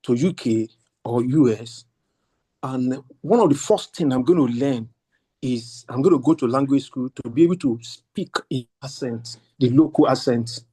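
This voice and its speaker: A middle-aged Nigerian-accented man speaks in a mid-range voice that is warm and slightly rough, heard over a video call. Taking part in an online workshop, he politely and effusively thanks the speaker before posing a long question, restarting haltingly along the way.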